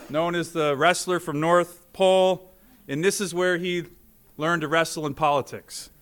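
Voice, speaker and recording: A man's voice: on the high side, bright, forceful tone, clean tone. A middle-aged man, a senator, giving a formal speech to a legislative chamber, telling anecdotes with self-deprecating jokes.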